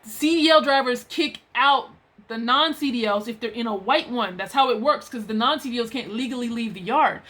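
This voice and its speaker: A woman's voice: a little high, moderate pace, a bit bright. A woman telling a story about a clash at work in a casual, exasperated, chatty way.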